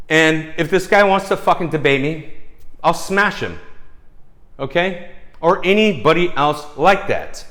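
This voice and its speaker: A man's voice: a little high, fairly bright tone. A man ranting angrily at a critic to camera, swearing constantly and mocking him, often tagging lines with "okay?" and "dude.". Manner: heated, profane, mocking, repeats "okay?" and "dude". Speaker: screenwriter and video host. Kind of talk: angry profane rant to camera.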